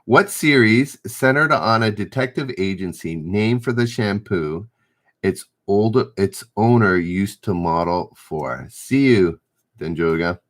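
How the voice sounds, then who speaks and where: A man's voice: fairly low pitch, lively intonation, slow. A middle-aged man hosting a live-stream trivia game, reading questions aloud, stumbling and rereading, and chatting with viewers. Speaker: trivia host.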